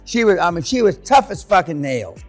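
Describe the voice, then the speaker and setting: A man's voice: sits high, big pitch swings, fairly quick, faint music behind. An older man giving a seminar, telling stories in a blunt, crude, swearing way in a large room. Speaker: seminar speaker. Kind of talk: profane seminar storytelling.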